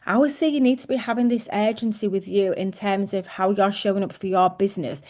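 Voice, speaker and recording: A woman's voice: medium pitch, fairly even intonation, brisk, darkish tone. A woman in her thirties giving a chatty coaching talk to her sales team as team leader, with many fillers and restarts.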